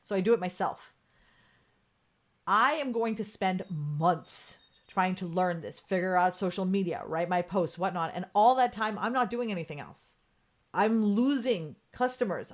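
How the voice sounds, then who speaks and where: A woman hosting a casual live-stream coaching talk from home, candid and profane, laughing often and answering viewer comments. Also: medium pitch. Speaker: podcast host. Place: home room with ring light.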